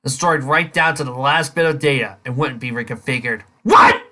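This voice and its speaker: A woman's voice: very deep voice, fairly quick, sharp tone. A woman reading fan fiction aloud and ranting at it with sarcastic, incredulous commentary. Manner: incredulous, sarcastic, breaks into laughter. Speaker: fanfiction reader and reviewer.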